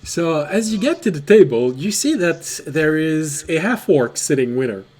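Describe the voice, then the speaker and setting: A man narrating as game master in a tabletop game, unhurried and amused. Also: fairly high pitch, sing-song, a little mellow.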